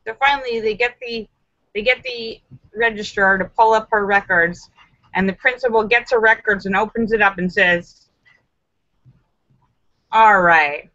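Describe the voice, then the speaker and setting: A woman hosting a live stream, reading out viewer jokes and laughing along, popping into high character voices. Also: expressive, normal speed, no room sound, dull audio. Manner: giggly, doing bright character voices in jokes. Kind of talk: live-stream joke telling.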